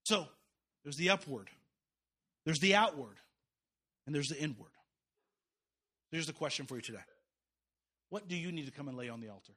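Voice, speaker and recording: A man preaching an impassioned, folksy sermon, rising to loud urgent peaks and dropping to quiet asides. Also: on the high side, moderate pace, pauses often. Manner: folksy, uses y'all and slang. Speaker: guest preacher.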